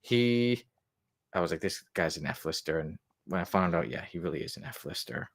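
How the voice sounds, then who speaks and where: A man co-hosting a podcast, chatting casually about comics in a rambling way, chuckling and reading quotes aloud slowly. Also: sits low, animated, creaky, no room sound, clean studio sound. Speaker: podcast co-host.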